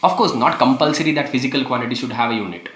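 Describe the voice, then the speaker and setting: A man's voice: medium pitch, rapid-fire, fairly bright tone, reverberant. A man teaching a physics lesson, repeating key phrases with emphasis and asking rhetorical questions. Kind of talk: classroom lecture.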